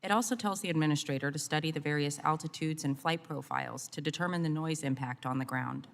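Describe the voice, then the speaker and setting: A woman committee member reading prepared remarks in a measured, formal way. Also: sits low, vocal fry. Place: large hearing room. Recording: long reverb of a hearing room.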